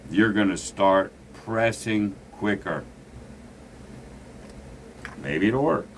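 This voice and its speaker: A man's voice: on the low side, extremely slow, a little hiss or hum. A man teaching a casual craps lesson, blunt and preachy, swearing freely. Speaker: gambling instructor.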